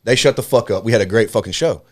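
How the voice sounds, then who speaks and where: A man telling a stand-up story on a podcast, swearing freely and acting out what people said. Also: fairly low pitch. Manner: fast, profane, animated storytelling with acted-out quotes. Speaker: comedian guest.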